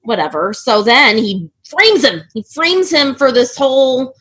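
A woman's voice: high voice, very animated, measured pace, a bit bright, slightly rough. A woman on a podcast panel, chatting casually, swearing and laughing a lot as she recounts a story. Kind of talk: casual group chat.

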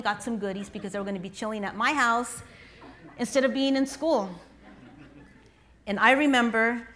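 A woman's voice: medium pitch, a bit bright, a little hiss or hum. A middle-aged woman, a pastor's wife, giving a conversational sermon to mothers, telling a personal story and asking her listeners questions. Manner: conversational, asks the audience questions. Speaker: pastor's wife speaking to moms.

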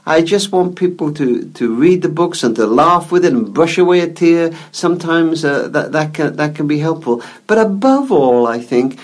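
A man, a guest author and speaker, telling a story in an interview in a gentle, reflective way, often repeating words as he goes. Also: a little high, animated, normal speed, hardly any pauses.

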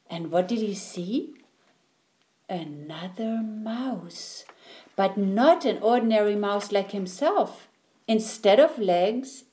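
A woman reads a children's picture book aloud, gentle and expressive. Her pace is slow and unhurried, and her tone is mellow and soft. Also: mid-range voice. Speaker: storyteller.

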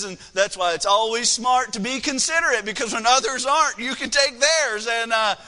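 High bright-voiced man preaching in reverberant hall. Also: normal speed, few pauses. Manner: storytelling, conversational with frequent fillers. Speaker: pastor. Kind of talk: sermon. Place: church sanctuary. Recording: long reverb of a large hall.

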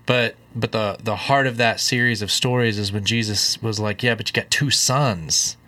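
A man hosting a conversation about faith, becoming animated when he retells a parable. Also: on the low side, moderate pace. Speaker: host.

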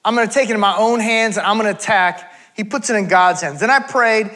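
A man's voice: sits high, fast, hardly any pauses, sharp tone. A man preaching a sermon in a church, talking to the congregation with casual asides and correcting himself as he quotes scripture. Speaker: pastor.

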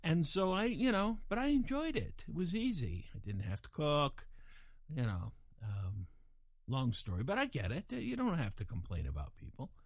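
Lively rambling storyteller man in his sixties. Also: fairly high pitch, normal speed, no room sound, clean studio sound. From Louisiana. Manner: rambling, digressive, self-mocking asides. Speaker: speaker telling a story to a group. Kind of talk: casual storytelling.

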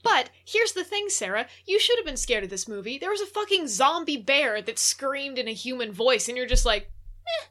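A woman's voice: high-pitched, lively intonation, normal speed, few pauses, bright, forceful tone. A young adult woman co-hosting a podcast in casual chat, teasing and sarcastic, often laughing. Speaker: podcast co-host.

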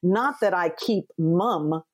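A woman hosting an interview, an author who tells lively stories, acts out quoted dialogue and speaks earnestly from her faith. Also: fairly low pitch, slow pace. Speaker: podcast host and author. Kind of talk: conversational interview.

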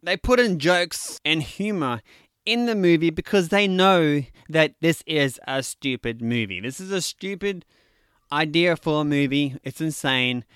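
A man's voice: fairly high pitch, lively intonation, measured pace, fairly bright tone, clean tone, no echo, clean studio sound. A man casually reviewing a horror comedy film, rambling with lots of fillers and briefly acting out the scenes he describes. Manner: rambling, filler-heavy, acts out scenes in quotes. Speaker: movie reviewer.

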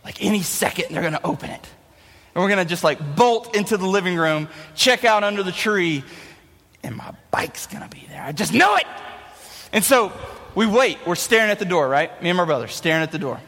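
A young man giving a youth talk, spinning an animated, jokey story to an audience in a large hall. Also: high voice, a little fast. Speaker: youth speaker. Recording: echoey hall reverb.

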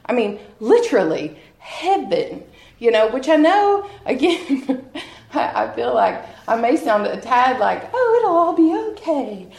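A woman's voice: on the high side, sing-song, a little slow, a little mellow. Earnest woman giving church testimony. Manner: earnest, heartfelt, laughs at herself. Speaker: guest speaker sharing testimony. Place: church hall with an audience. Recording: roomy hall echo.

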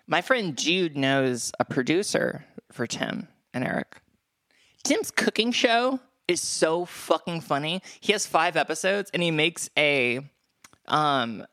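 A podcast co-host talking at an ordinary pitch in easy, casual chat. The voice rambles excitedly through comedy scenes, stacking up "like" and laughing between lines. The sound is close and dry, with no room around it. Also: slow, dry recording. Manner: rambling, animated retelling of comedy scenes, heavy use of "like"; laughs often while talking.

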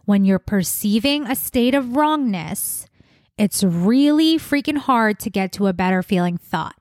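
A woman's voice: medium pitch, lively intonation, unhurried, a little mellow, no echo, studio quality. A young adult woman hosting a solo wellness podcast, talking in an upbeat, conversational way and repeating words for emphasis. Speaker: podcast host, wellness coach.

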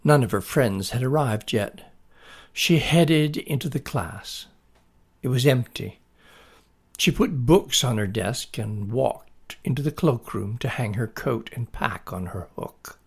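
A man reading a children's story aloud at a slow, deliberate storybook pace. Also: mid-range voice, expressive, creaky, husky.

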